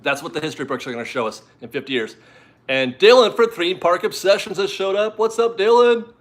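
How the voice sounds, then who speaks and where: A man's voice: sits high, expressive, brisk. Rambling, chatty man hosting a live stream. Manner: chatty and rambling, easily amused. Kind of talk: casual live-stream chat reading viewer donations.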